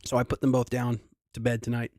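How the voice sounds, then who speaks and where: A young adult man, a singer hosting a livestream concert, rambles casually through a sentimental story with many restarts. He speaks fast and monotone, his medium-pitched voice darkish in tone.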